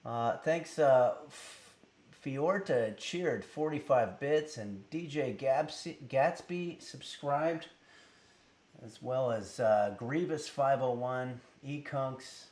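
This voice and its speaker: A man with a medium-pitched, darkish voice talks slowly in a roomy-sounding space. It's a casual livestream from his home, where he rambles at his desk mic and reads chat messages out loud, full of filler words.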